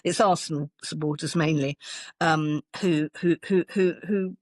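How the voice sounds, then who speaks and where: A woman's voice: low voice, fairly even intonation, a little slow, darkish tone, dry recording, clean studio sound. An older woman with an English accent, chatting on a podcast, hesitant and wry, often repeating words. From England. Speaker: podcast co-host, journalist. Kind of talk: casual chat.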